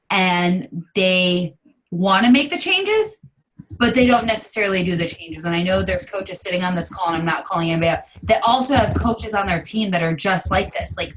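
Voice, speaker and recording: A woman coach running a team call, her voice pitched in an ordinary middle range. She talks plainly and directly, giving practical advice to the people on the line. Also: a little hiss or hum, rough recording. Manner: direct, advising.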